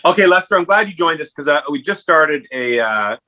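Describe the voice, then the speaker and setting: Animated man telling a story. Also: fairly quick, low-quality recording. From Canada. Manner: animated storyteller, jumps up in pitch when acting out quotes. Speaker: podcast host. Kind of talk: casual chat.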